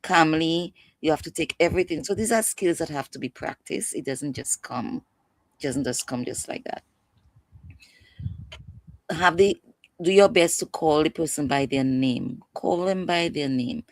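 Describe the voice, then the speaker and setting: Woman, low voice, dry close sound, passionate and emphatic expert guest. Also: a little slow, no echo. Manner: passionate, emphatic, acts out quotes. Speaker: guest expert on mental health. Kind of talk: instructive interview talk.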